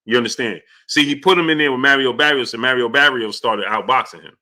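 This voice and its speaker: Guy hosting a boxing live stream at home, bright sharp voice, keeps saying uh and you understand. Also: mid-range voice, fast. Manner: repetitive and emphatic, frequent fillers and "you understand?". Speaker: sports talk show host. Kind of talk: live-stream boxing talk, greeting chat viewers.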